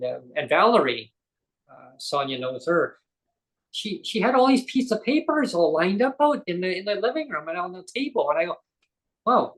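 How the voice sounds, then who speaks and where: A man's voice: on the high side, low-quality recording. A man, a guest on a live interview show, tells a personal story in a rambling way, often correcting himself and acting out quoted dialogue.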